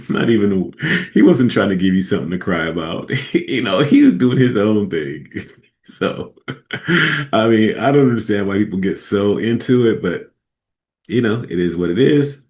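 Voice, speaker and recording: A man with a very low, deep voice hosts a casual talk show, reacting to clips. He rambles loosely, chuckles often and leans on fillers as he goes. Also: animated, moderate pace, darkish tone. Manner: laid-back, chuckling, rambling with many fillers. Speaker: host. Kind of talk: casual commentary on played clips.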